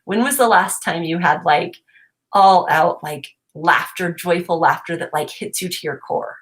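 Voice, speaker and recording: A woman in her thirties, a homeschooling mom, telling a funny family story on a casual livestream from home, laughing often as she goes. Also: measured pace. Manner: animated, laughing, voices her kids in high pitch. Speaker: mom vlogger.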